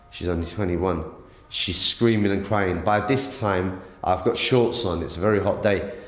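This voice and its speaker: A man giving an emotional first-person account of an attack, halting with many stammered restarts, recorded in a hospital room. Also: sits low, echoey room. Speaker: interviewee, attack victim.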